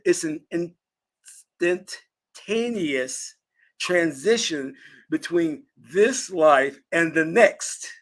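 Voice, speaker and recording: A husky man from Virginia lectures on a livestream in an emphatic, preaching way. His voice sits a little high for a man, and he stretches key words out slowly to stress them. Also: a bit bright. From Virginia, US South. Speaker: spiritual teacher and channel host. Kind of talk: lecturing livestream talk answering chat.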